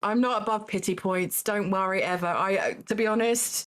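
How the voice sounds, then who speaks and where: A woman hosting a charity live stream in casual banter, often halting and repeating words as she thinks. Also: medium pitch. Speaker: host of a charity stream event.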